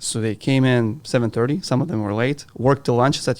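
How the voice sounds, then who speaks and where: A man talks casually as a guest on a podcast. He tells animated stories and slips into quick impressions of the people he quotes. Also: mid-range voice. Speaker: framing company co-owner, guest.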